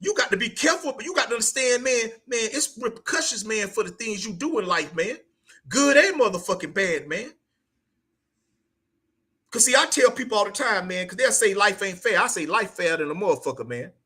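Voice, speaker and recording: A podcast host in middle age talks straight at the listener, with a voice that sits very high for a man and rings with a bright edge. He lectures in a loose, profane, preachy monologue, leaning on "man" and "you know what I'm saying" as he drives each point home. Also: lively intonation, brisk, slightly rough. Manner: blunt, profane, preachy, repeats "man" constantly. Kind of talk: casual motivational monologue.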